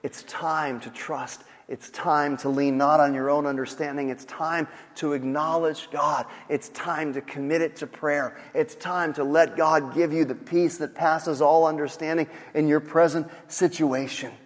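A man's voice: a little high, steady tone, measured pace, few pauses. Male pastor preaching in a reverberant hall. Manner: dynamic preaching, acts out panicked voices. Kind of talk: sermon. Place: church sanctuary.

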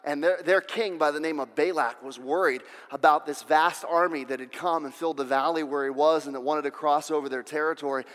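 Brief: excitable male preacher, high voice, reverberant hall. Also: fairly quick, few pauses. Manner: restless, repeats words, builds to shouting. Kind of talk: sermon.

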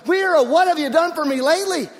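A man preaching a sermon, telling stories in an animated way with many restarts and repeated words. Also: extremely high pitch, fast talker, big-room sound. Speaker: pastor.

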